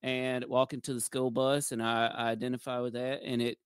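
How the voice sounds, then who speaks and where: A man's voice: mid-range voice, flat delivery, brisk, clear, resonant tone, no echo. A man, a former game show contestant, talking in a jovial, folksy, playfully boastful way in a casual group chat.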